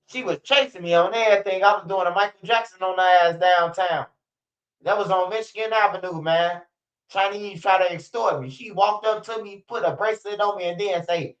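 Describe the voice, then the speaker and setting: A man's voice: high voice, steady tone, brisk, a bit bright. A young man ranting casually to his viewers on a stream, with loose, profane street slang and lots of repetition. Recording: dull lo-fi stream audio.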